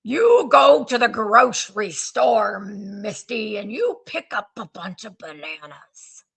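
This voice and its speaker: A woman does a suave older film-star man in a slow, murmured half-whisper. The tone stays bright, with a gravelly edge. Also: medium pitch, big pitch swings, exaggerated voice. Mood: teasing.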